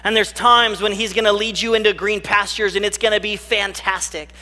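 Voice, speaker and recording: High, bright-voiced male preacher in a reverberant hall. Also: flat delivery. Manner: earnest, slows right down on key phrases. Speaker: pastor. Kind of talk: sermon.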